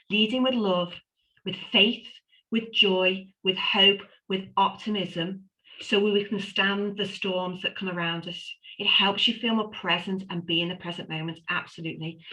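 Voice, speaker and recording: A woman's voice: medium pitch, bright, forceful tone, rough recording. A middle-aged woman, presenting an online wellbeing workshop with upbeat, emphatic lists and repeated phrases. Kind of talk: live online workshop talk.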